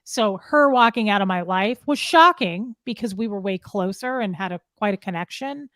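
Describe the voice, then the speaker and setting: A middle-aged woman telling a painful personal story, upset and halting, often restarting her sentences. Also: medium pitch, expressive, fairly bright tone, no echo, clean studio sound. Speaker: guest sharing her story. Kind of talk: emotional personal account.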